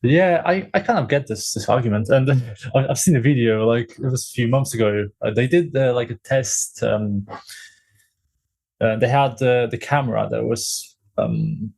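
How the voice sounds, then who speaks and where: A man with a husky, slightly breathy voice chats on a podcast. He talks haltingly, with many ums and restarts. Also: medium pitch, a little mellow. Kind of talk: casual podcast chat.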